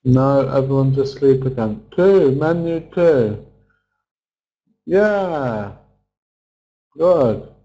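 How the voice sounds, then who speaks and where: An English teacher with a slightly high, darkish voice leads an online pronunciation lesson, patiently repeating words and counting their syllables. He explains the stressed vowel sound step by step, though the recording quality is low.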